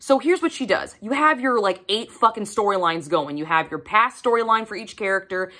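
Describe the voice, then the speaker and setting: Woman, young adult, bright tone; casual book vlogger, blunt and profane, very animated delivery. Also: mid-range voice, brisk. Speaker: book reviewer. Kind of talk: casual book review vlog.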